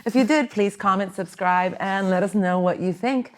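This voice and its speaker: A woman hosting a podcast, quick to laugh in casual chat. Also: mid-range voice. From Colombia. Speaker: podcast host.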